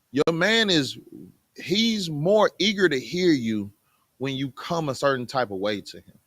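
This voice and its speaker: A man's voice: on the high side, lively intonation, moderate pace, long pauses, fairly bright tone, dry recording. A man teaching a Bible class in plain everyday talk, often putting rhetorical questions to his students. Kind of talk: conversational scripture teaching.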